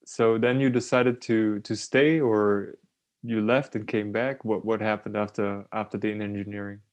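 A man's voice: on the low side, flat delivery, moderate pace. A man hosting a podcast, asking questions in an eager, encouraging way. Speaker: podcast host. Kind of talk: conversational interview.

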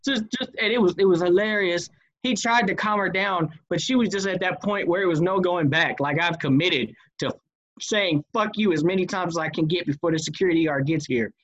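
A man in a casual group chat, telling stories with animated acted-out quotes. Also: high-pitched, a little fast, highs cut off. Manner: animated storyteller, acts out quotes.

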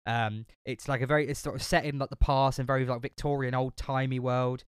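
A man's voice: mid-range voice, little pitch movement, fairly quick, clear, resonant tone, dry recording, clean studio sound. A man casually chatting about a film on a podcast, full of fillers, restarts and swearing. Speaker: podcast co-host.

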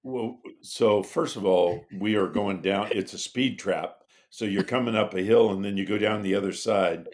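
A middle-aged man guests on a podcast and tells a story in a relaxed way. He acts out the lines of the people he describes, and his voice sits somewhat low. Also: moderate pace, few pauses. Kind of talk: casual storytelling.

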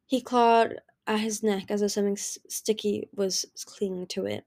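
A woman narrating a fantasy novel as an audiobook, steady storytelling with occasional restarts. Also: medium pitch, normal speed.

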